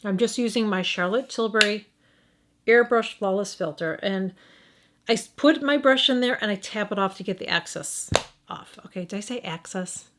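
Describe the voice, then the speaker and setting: A woman's voice: medium pitch, normal speed, very noisy. Chatty Midwestern woman reviewing makeup. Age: middle-aged. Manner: thinking aloud, hesitant, frequent restarts and self-corrections. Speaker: beauty vlogger.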